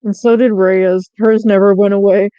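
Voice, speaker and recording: A woman's voice: medium pitch, flat delivery, moderate pace, clear, resonant tone, no room sound. A woman chatting playfully on a podcast, teasing her friends. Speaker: podcast guest. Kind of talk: casual chat. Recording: slightly dull lo-fi audio.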